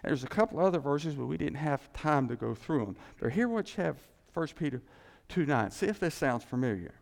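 A male pastor preaching a sermon in a church, animated and joking, often acting out voices in his teaching. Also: on the high side, brisk, gravelly. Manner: animated, jokey, acts out God's voice. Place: church sanctuary. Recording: long hall reverb.

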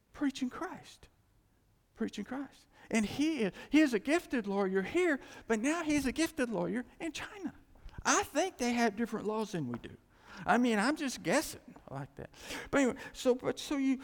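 A man preaching a casual, animated sermon, full of asides and acted-out dialogue. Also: extremely high pitch, vocal fry. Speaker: pastor. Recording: church hall with long reverb.

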